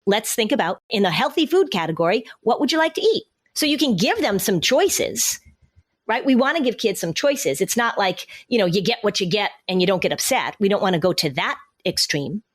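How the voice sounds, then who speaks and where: A woman on a parenting podcast, talking through advice at a mid-range pitch. She explains things conversationally and slips into short acted-out lines of what a parent might say. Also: expressive, brisk.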